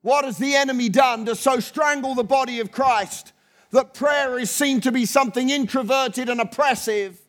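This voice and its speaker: A pastor delivering an impassioned sermon, his voice sitting unusually high for a man. He drives his points home with rhythmic repetition, letting the phrases pile up one after another.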